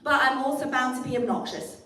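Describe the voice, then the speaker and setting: A woman's voice: high voice, brisk, pushed and bright. A woman from England with an English accent doing a wry, self-deprecating stand-up comedy set. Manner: wry, self-deprecating, chatty with the live stream audience. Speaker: stand-up comic. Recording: echoey room picked up from a distance.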